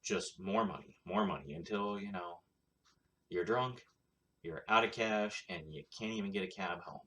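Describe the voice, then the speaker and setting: A man's voice: deep voice, moderate pace, pushed and bright, a little hiss or hum. A man hosting his own show, rambling through casual solo commentary in a blunt, crude, sarcastic way. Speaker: show host.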